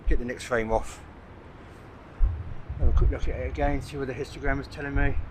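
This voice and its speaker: A man's voice: medium pitch, fairly even intonation, fairly quick. A man around sixty, talking casually to camera on a coastal cliff while he takes photographs, thinking aloud with lots of hesitations. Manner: rambling, thinking aloud with many "uh"s. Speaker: landscape photographer vlogger. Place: outdoors on a coastal cliff at sunset. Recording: outdoor noise clearly heard behind.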